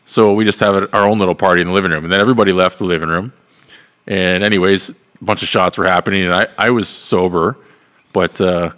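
A man's voice: low voice, a bit bright. A man co-hosting a podcast, telling a rambling, profane story with laughs in a casual chat. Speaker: podcast co-host.

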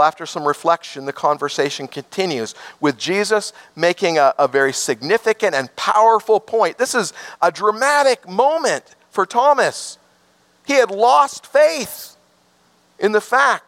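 A man pastor preaching a sermon with emphatic swells that drop to soft, slow passages, then leading a prayer. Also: a little high, no room sound.

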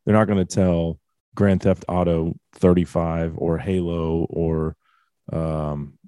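Man, forties, very deep mellow voice, blunt opinionated ranting, dry sound. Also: flat delivery, slow, clean tone, no room sound. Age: 40s. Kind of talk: casual chat.

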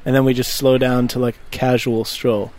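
A man's voice: mid-range voice, little pitch movement, moderate pace, a little mellow. A man playing a tabletop role-playing game, chatting playfully and laughing often. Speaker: player. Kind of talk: casual tabletop game chat.

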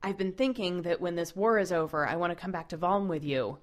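A woman's voice: on the low side, a little fast, natural voice. Woman voicing a bashful young soldier lad, earnest and a little flustered, for a game retelling. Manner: lovestruck, apologetic.

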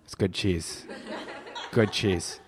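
A man's voice: low voice, steady tone, slow. A man from Wisconsin chatting playfully with kids into a handheld microphone, goofy and stumbling over his words. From Milwaukee, Wisconsin. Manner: playful, goofy, stammering restarts. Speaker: visitor chatting with children at an event. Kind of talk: casual chat.

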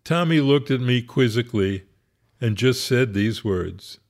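A man's voice: mid-range voice, lively intonation, measured pace. A man who is a rabbi, wryly telling a humorous personal story in a conversational way. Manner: wry, conversational, laughs at his own story.

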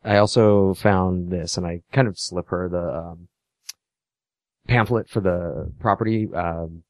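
A man describes his actions in a tabletop game, hesitating often. His voice sits low. The sound is dry and close. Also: steady tone, unhurried, no echo. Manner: hesitant, many fillers. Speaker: player. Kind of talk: casual tabletop game play.

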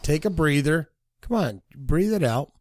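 Lively goofy podcast co-host man. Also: a little high, unhurried, a little hiss or hum. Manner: teasing, goofy, interjecting. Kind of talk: casual comedic banter.

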